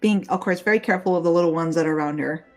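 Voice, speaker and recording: A woman's voice: on the low side, racing, faint music behind. A woman playing in a tabletop game, narrating her character's actions in a chatty, giggly way with many fillers. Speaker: player.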